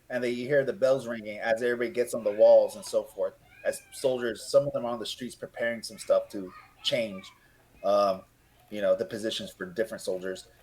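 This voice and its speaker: A man's voice: lowish voice, a little mellow, low-quality recording. A man narrating as game master of a tabletop game, rambling and restarting his phrases.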